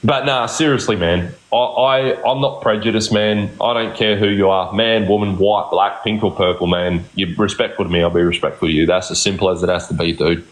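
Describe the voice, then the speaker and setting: A man's voice: lowish voice, steady tone, fairly quick, few pauses. Blunt swearing man in echoey room. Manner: blunt, swears constantly, repeats himself. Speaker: live stream host. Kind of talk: heated casual chat.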